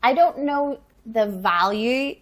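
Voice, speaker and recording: A young actress hosting a casual chat, laughing often and telling stories with animated energy. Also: female voice, a little high, slow. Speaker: actress and channel host.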